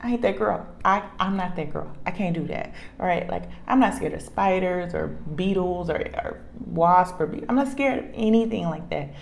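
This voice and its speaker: A middle-aged woman telling a funny story in a casual vlog, animated, laughing often and restarting her sentences. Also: lowish voice, moderate pace, creaky, few pauses. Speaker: vlogger.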